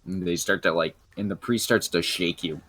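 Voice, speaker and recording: A young man narrating as game master of a tabletop game, halting with many fillers. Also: low-pitched, fairly bright tone, breathy edge.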